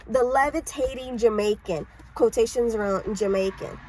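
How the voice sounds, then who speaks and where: A woman giving a casual book summary and then reading aloud, halting and mumbly, with frequent coughs and restarts. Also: on the high side, a little mellow, husky, rough recording. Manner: mumbly, self-described. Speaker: amateur reader.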